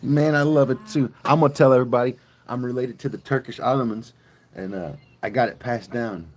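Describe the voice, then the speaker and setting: This South Mississippi man has a Southern American accent and a mid-range voice, talking briskly. He's on a live stream, chatting with viewers in an excitable way and cursing freely.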